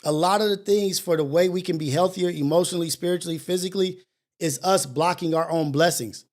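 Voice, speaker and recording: A middle-aged male morning show host with a high-pitched voice. He talks bluntly and profanely, mocking himself as he pushes listeners to do better. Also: brisk, darkish tone. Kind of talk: motivational monologue.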